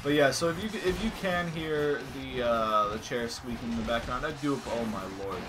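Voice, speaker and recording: A young man commenting casually while playing a video game at home, swearing and yelling at the screen. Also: mid-range voice, moderate pace, noisy background. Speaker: gaming channel host. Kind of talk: casual let's-play commentary. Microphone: desk microphone.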